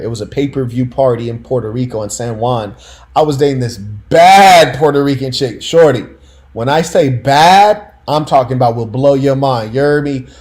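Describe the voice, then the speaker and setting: A man's voice: medium pitch, a little mellow. A man hosting a casual commentary stream, telling stories in a slangy, emphatic way and talking straight to his audience.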